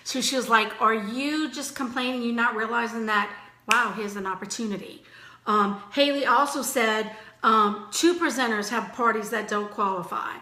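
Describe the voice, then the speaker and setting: A woman giving a chatty, energetic motivational training talk to her team, full of fillers. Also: fairly high pitch, moderate pace, echoey room, slight background noise.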